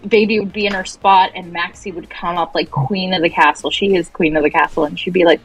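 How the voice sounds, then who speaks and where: A woman with a slightly low voice chats casually on a live stream, telling lively stories and acting out her pets. Faint music plays behind her. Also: fairly quick, husky, poor audio. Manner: animated storyteller who acts out her pets. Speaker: co-host of an animation stream. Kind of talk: casual chat.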